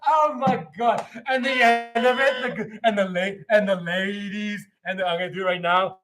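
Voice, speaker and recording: A man chatting while getting ready to cut hair, telling a long funny story with loud, laughing punchlines. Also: high-pitched, a little fast. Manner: animated, laughing storyteller who shouts punchlines. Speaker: hairdresser. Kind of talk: casual storytelling chat.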